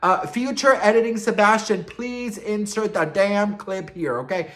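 A man spilling celebrity gossip with loud sass and drama, talking straight to his viewers as his best friends. He swears freely and overshares without a filter, in an animated chatty vlog style. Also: high-pitched, measured pace. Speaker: gossip vlogger.

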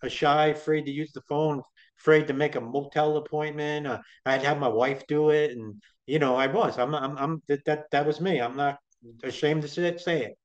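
A middle-aged man with a slightly high voice tells his story as an interview guest. He rambles and chats, often stumbling over repeated restarts, and the recording sounds dull and lo-fi. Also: steady tone, moderate pace. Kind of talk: casual storytelling.

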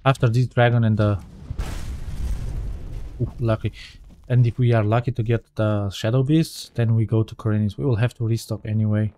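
A man's voice: fairly low pitch, fairly even intonation, moderate pace, long pauses, warm tone. A man giving casual let's-play commentary as he plays, thinking aloud and often correcting himself mid-sentence. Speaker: gaming channel host.

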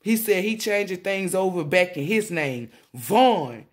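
A woman tarot reader talking casually to viewers, rambling and excitable, often exclaiming and relaying messages in blunt slang with swearing. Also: lowish voice, normal speed. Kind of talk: casual spiritual reading to viewers.

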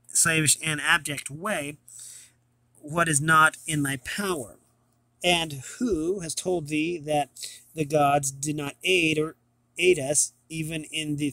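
A man's voice: fairly high pitch, pushed and bright, no echo. A young man reading an old philosophy text aloud, stumbling and restarting often over the archaic words. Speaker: reader of classic texts.

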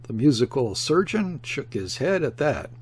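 A man reading a classic novel aloud as an audiobook narrator, expressive, and shifting his tone for the characters' quoted lines. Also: mid-range voice, moderate pace, slightly rough. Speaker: audiobook reader. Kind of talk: scripted narration.

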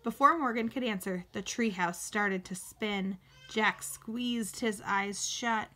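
A woman reads a children's chapter book aloud in a bright, forward voice at a middle pitch. She lifts her voice for the children's lines and now and then restarts a word. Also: slow pace. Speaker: reader.

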